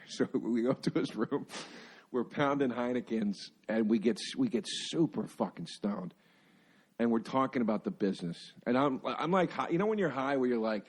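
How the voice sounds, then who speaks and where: A middle-aged man with a mid-pitched voice, co-hosting a comedy podcast. He rambles through anecdotes in a loose, profane way, tossing in "dude" and "man" all the time. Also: animated, normal speed, a little mellow, husky. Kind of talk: casual chat.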